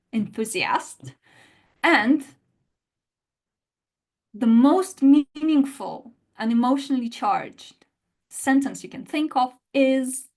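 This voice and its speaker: A woman with a fairly high voice leads an online language lesson. She explains in a lively, talkative way, often circling back to rephrase and repeat her points. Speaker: language teacher.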